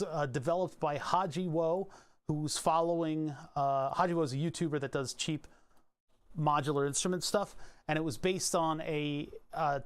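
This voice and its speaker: A man with a somewhat high voice hosts a casual live stream. He talks his way through code out loud, rambling and restarting his sentences and drifting into asides. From Pennsylvania, USA.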